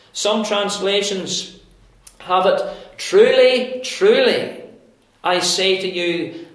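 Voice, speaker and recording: Slow, high-voiced preacher in an echoey room. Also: male voice, a bit bright. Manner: slow, deliberate expository preaching with emphatic pauses. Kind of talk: sermon.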